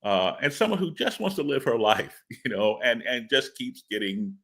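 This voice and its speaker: A man's voice: medium pitch, very animated, normal speed, gravelly, a bit bright, breathy edge. A man talking as a guest in a casual interview, rambling and stammering with repeated words and laughs. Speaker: comic book writer interviewed as guest.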